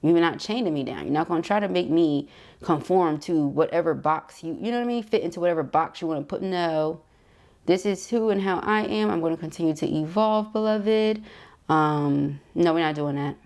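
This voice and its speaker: Woman, tarot reader, lowish voice, chatty and emphatic. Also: normal speed, darkish tone. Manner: chatty, emphatic, addresses viewers directly with asides and laughs. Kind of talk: casual tarot reading monologue.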